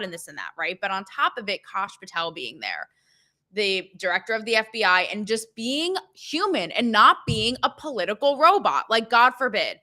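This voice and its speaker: Bright-voiced chatty woman host. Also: medium pitch, lively intonation, moderate pace. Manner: chatty, sarcastic, full of fillers and asides. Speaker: show host. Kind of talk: casual opinion commentary.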